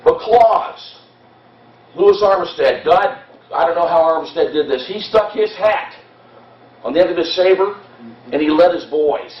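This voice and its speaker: A man's voice: fairly high pitch, unhurried, pauses often. A man giving an impassioned, dramatic history talk to an audience, telling the story with shifting pace. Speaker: history presenter. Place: hall at a historical society event. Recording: echoey hall, distant, dull lo-fi.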